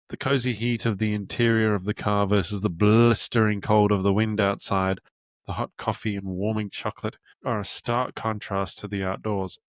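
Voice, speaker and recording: A man's voice: lowish voice, dry recording, studio quality. Candid young man reading his own book. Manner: candid and casual, swears freely, stops to find his place. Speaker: podcast host and author.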